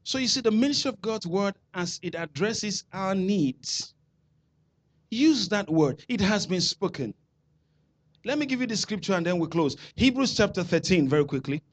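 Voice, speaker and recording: A man with a Nigerian accent preaching a sermon, calling out to the congregation and building to shouted declarations. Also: sits high, animated, normal speed. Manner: preaching with call-and-response, rising to shouts. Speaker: pastor.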